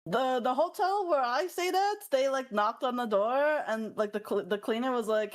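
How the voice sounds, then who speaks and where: A woman chatting casually with a friend on a call, giggly and drawn-out as she tells stories. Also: sits high, lively intonation. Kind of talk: casual chat.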